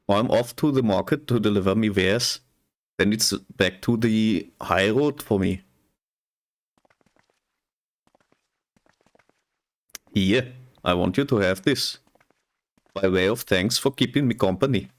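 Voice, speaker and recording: A man's voice: on the low side, unhurried, natural voice. A man voicing a cheerful, folksy male merchant guide in a put-on Scottish accent, reading the game's dialogue aloud and stumbling over some words. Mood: friendly.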